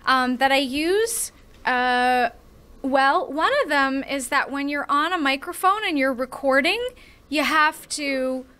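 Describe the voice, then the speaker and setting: High, bright-voiced woman coaching gently. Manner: encouraging, coaching a young interviewer; explains step by step with fillers. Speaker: voice actor. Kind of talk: casual answer in an interview.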